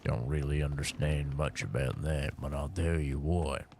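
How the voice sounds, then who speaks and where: A streamer putting on the voice of a swaggering tough-guy bro, gravelly and boastful. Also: rumbling low, moderate pace, darkish tone, slight background noise, pitched below the performer's own voice. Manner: boastful, calls listener brother. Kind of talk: put-on voice on a game stream.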